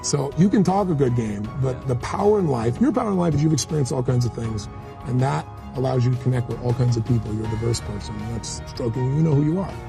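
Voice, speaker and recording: This man's gravelly, mid-range voice has lively intonation and a quick pace, set against background music. Speaking as a motivational speaker in a candid interview, he's blunt, story-driven and acts out quotes.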